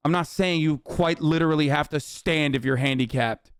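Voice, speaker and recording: Male streamer, heated and foul-mouthed, slightly higher voice, talking to chat. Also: normal speed, smooth, no echo, studio quality. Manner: profane, heated, sarcastic. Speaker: streamer reacting to news. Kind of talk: angry political rant to chat.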